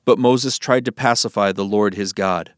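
A man reading scripture aloud in a measured, solemn narration. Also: on the low side, dry recording, clean studio sound. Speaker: scripture reader.

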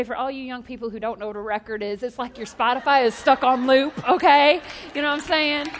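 A woman preaching a humorous sermon, animated and joking, drawing the congregation into call-and-response. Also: sits high, big-room sound.

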